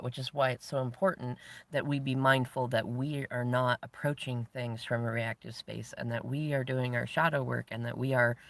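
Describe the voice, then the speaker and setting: A man around forty with a gravelly, creaky voice tells a story in his own reflective, spiritual monologue. He talks with animation and laughs often. The recording is close and dry, with no room sound. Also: mid-range voice, fairly bright tone, no room sound. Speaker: host.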